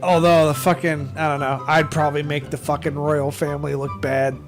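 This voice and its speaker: A man's voice: fairly high pitch, flat delivery, fairly quick, over music. An American man streaming live, chatting casually in a rambling way, swearing constantly and laughing at his own jokes. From United States. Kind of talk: casual chat on a livestream.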